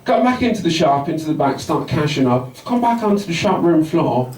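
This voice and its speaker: Stand-up comic, man, West Midlands accent, high voice, sweary storyteller who voices both sides, recorded off-mic in an echoey pub. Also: big pitch swings, fairly quick, a little mellow, distant mic. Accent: West Midlands English. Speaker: stand-up comedian. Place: small pub comedy night.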